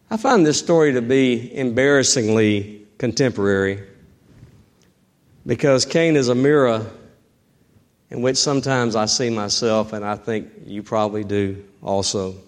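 A middle-aged man preaching a sermon, emphatic and rising in pitch on key points. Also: a little slow, long pauses. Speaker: pastor.

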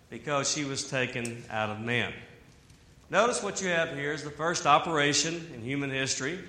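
A man preaching a sermon in an animated way, with humor and asides. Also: on the high side. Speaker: pastor. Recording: echoey hall.

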